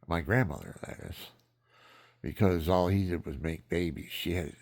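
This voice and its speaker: A man's voice: sits low, normal speed, creaky, a little mellow. A man in his seventies telling rambling, frank family stories in a meandering, chuckling way. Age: 70s. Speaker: vlogger. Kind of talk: rambling personal storytelling.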